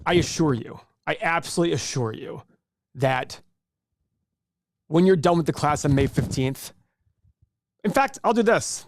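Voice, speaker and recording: Energetic man teaching an investing class. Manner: energetic, animated salesman pitch. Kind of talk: live webinar teaching.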